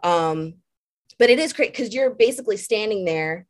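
A young woman, a makeup artist guest, chatting casually and telling lively stories on a podcast. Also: medium pitch, normal speed. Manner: animated storyteller, laughs while telling.

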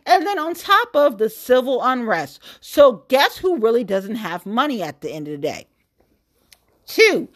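Woman activist, furious profane rant, higher voice with very lively swings. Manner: profane, fiery and emphatic. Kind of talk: angry political rant.

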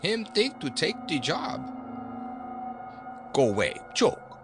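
A man voicing a rough, gleeful dog driver, shouting in broken English in an audiobook reading. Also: slow, background noise, full character voice. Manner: broken-English exclamations, loud, lively pitch jumps.

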